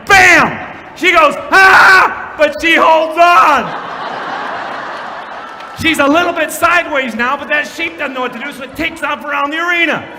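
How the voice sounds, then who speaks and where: A man from Minnesota delivers a conference keynote as a dramatic story, his voice high and very bright. He shouts some lines and hushes others, and a long reverb from the big hall trails every word over a faint hum of room noise. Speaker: keynote speaker.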